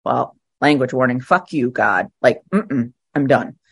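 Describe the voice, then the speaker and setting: A middle-aged woman speaking at a twelve-step meeting, sharing her recovery story in a candid, emotional way with halting fillers. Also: extremely low pitch, lively intonation, breathy edge, no room sound, clean studio sound. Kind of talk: personal recovery share.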